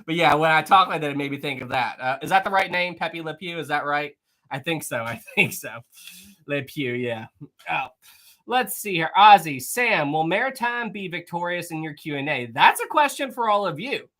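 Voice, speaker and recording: A live stream host chatting casually with viewers and reading out chat messages, excitable and rambling, with frequent laughter. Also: mid-range voice, normal speed.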